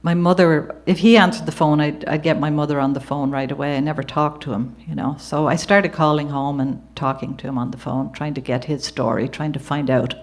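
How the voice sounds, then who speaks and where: A woman with an Irish accent tells her life story to a gallery audience, partly reading from a memoir and partly talking off the cuff. Her voice sits low, and her delivery slips easily from read prose into conversational asides. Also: steady tone, fairly quick, hardly any pauses. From Ireland. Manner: warm conversational asides with occasional laughter. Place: gallery event before an audience.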